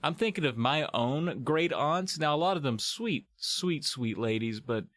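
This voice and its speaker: A man co-hosts a podcast, chatting casually and tossing in playful, drawling asides. His voice is on the high side and expressive, a little slow and fairly bright, captured in clean studio sound with no room noise.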